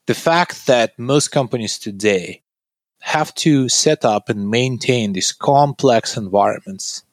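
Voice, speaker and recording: A man's voice: medium pitch, dry recording. A man, a tech company founder, giving earnest, explanatory interview answers about his product.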